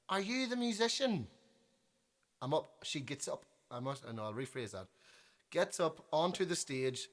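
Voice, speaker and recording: A young man from Northern Ireland with a Northern Irish accent telling a funny, self-deprecating story to his livestream viewers. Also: medium pitch. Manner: self-deprecating, animated, trails off and restarts. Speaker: musician on livestream. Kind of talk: casual storytelling.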